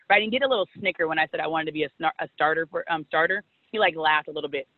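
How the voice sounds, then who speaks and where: Brief: thirties woman from California, lively storyteller, sound like a thin phone call, close and dry. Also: fairly low pitch, fast, few pauses, no echo. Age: 30s. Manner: animated, acts out past conversations. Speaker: guest, former softball player. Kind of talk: storytelling interview.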